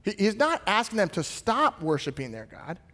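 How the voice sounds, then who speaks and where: A high-pitched man preaching in a church, telling the story in a loose, conversational style. His voice rings out with a long reverb off the walls of a big sanctuary. He sounds like a pastor easing his congregation into the passage. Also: normal speed. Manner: animated, casual storytelling retelling scripture. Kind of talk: sermon. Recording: long reverb of a large hall.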